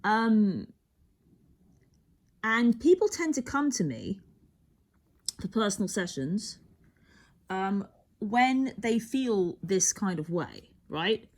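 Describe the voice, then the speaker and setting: A woman reads tarot at a slow pace, her medium-pitched voice swinging widely, with long pauses. She muses and rambles, cutting herself off mid-sentence, and occasionally her voice falls to a near whisper.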